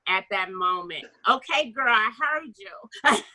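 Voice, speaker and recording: A woman co-hosting a casual book club chat, animated and chatty, with quick asides and the odd swear. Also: a little high, low-quality recording.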